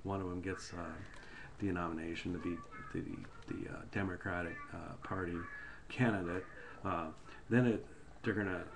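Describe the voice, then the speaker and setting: A man's voice: deep voice, background noise. A man ranting in a casual, rambling and heated way into a webcam, repeating himself as he goes. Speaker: video blogger. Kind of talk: casual political rant.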